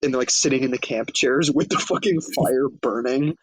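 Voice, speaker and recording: A man's voice: mid-range voice, normal speed, slightly rough, dry recording, low-quality recording. A man co-hosting a podcast, casually recapping a comedy film in a loose, profane way and acting out quoted lines. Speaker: podcast co-host. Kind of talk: casual movie recap chat.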